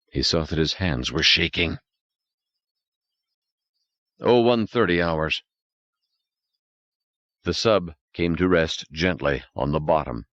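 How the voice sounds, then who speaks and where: A man's voice: a bass voice, a bit bright, no room sound, lo-fi sound. A man narrating an audiobook in a dramatic, suspenseful reading style. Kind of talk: scripted narration.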